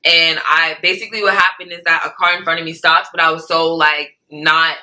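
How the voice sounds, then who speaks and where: A young woman telling a story as an interview guest in casual talk. She is animated, acts out what others said, and fills her speech with "like" and "right?". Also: sits low, a little fast, rough recording.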